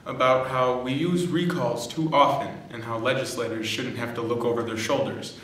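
A man's voice: mid-range voice, steady tone, normal speed, a bit bright, heavy reverb, far from the mic, rough recording. A man introducing the segment to camera with a blunt, mocking tone.

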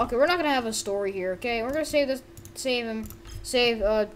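A woman giving playful, rambling commentary over a sandbox game, often yelling in mock pain. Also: mid-range voice, a little fast, noisy background. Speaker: gameplay video creator. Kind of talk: casual gameplay commentary. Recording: keyboard typing and clicks behind.

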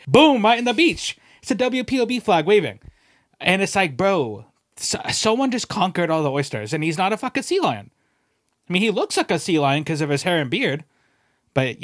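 Animated, foul-mouthed man telling stories. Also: fairly high pitch, dry recording, studio quality. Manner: animated, profane, peppered with "bro" and "dude"; acts out quoted voices. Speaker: podcast host. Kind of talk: casual storytelling chat.

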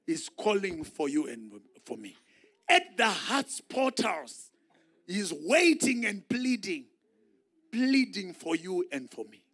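Male preacher, bright husky tone, unhurried, soft passages breaking into shouts. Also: sits high, very animated. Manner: swings from soft musing to shouted climaxes. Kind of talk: sermon. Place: church sanctuary.

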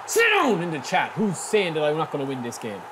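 A man from the giving excitable, frustrated live commentary on a football video game, talking to his viewers as lads. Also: a little high, fairly quick, noisy background. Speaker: gaming YouTuber.

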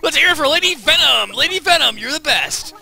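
A man's voice: very high voice, animated, measured pace, creaky, bright, forceful tone, voice pushed up, full character voice. A man voicing an adoring fan in a video game, praising an idol in a sing-song way.

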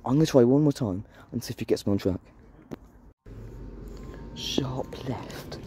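A man's voice: mid-range voice, expressive, racing, warm tone, slightly rough. A young man vlogging from an electric bike outdoors. He rants and swears at his sat-nav in casual running commentary, picked up by a bike-mounted camera. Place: outdoors on an electric bike along paths and roads.

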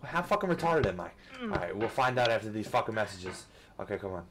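A man giving profane, frustrated commentary over a game, ranting and cursing, swinging between yelling and muttering. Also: on the low side, big pitch swings, fast talker, background noise. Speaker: gaming youtuber.

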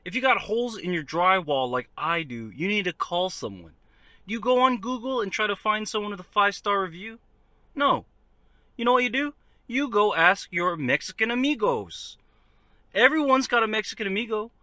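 A man spins a comic story straight to the listener, talking in a lively, conversational way. His voice sits high and bright, swooping up and down constantly, and the recording is close and dry. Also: normal speed, no echo. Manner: animated, conversational, addresses the viewer directly. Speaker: comedian. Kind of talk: comedic storytelling monologue.

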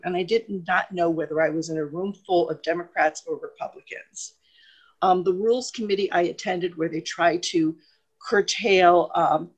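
Emotional, hesitant woman with a husky voice. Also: lowish voice. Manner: hesitant, rambling, with many ums and restarts. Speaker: party member asking a question. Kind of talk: question in an online meeting. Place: video call.

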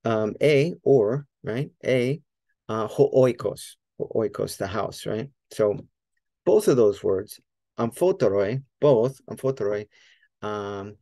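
A low, gravelly male voice, dark and mellow in tone, recorded dry and close. He teaches Greek in a loose, casual way, circling back with fillers and checking himself as he goes, then slowing down to repeat each word carefully. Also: lively intonation, no echo. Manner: thinks aloud, checks himself, many fillers; repeats Greek words slowly to model them. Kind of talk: casual spoken lesson.

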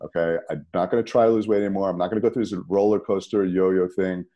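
A man, a podcast guest telling a personal story in a conversational, animated way. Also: sits low, quick pace, muffled recording. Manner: animated, rises sharply when emphatic.

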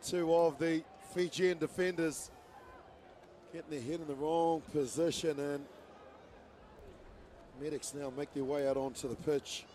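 A high-pitched man calls a rugby game play by play. He gets excited and shouts as the attacks build. Loud crowd noise fills the broadcast behind him. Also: unhurried, pauses often. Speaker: play-by-play commentator. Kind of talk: live sports commentary.

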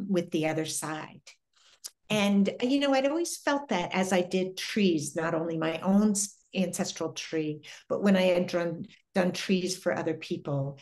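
A middle-aged woman with a fairly low voice tells a personal story as an interview guest. She talks earnestly and reflectively and often pauses and restarts her sentences. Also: a little mellow.

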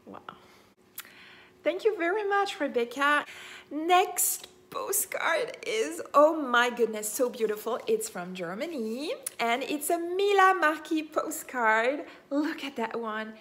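This is a woman chatting in a casual vlog. Her voice sits high and she takes her time. She is openly enthusiastic, often breaking into small gasps and laughs. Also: fairly bright tone. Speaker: vlogger.

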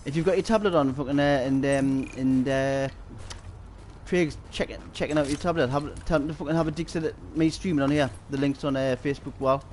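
A man's voice: medium pitch, steady tone, a little fast, darkish tone, slight background noise. Swearing Geordie man streaming a shooter. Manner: rambling, swears constantly, laughs often. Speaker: gaming streamer. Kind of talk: casual chat while streaming a shooter game.

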